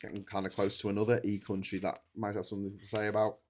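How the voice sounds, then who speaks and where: A man's voice: fairly low pitch, completely flat delivery, fast, a little mellow. Tired rambling man. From Liverpool. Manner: rambling, chatty, full of fillers. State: tired from staying awake. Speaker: livestream host. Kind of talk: casual livestream chat.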